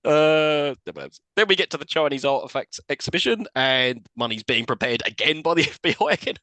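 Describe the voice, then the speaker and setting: A man's voice: on the high side, moderate pace, hardly any pauses, no echo. A man co-hosting a podcast, recapping a film in casual chat, often laughing and swearing. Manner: animated, swearing, laughing retelling with quoted voices. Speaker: podcast co-host.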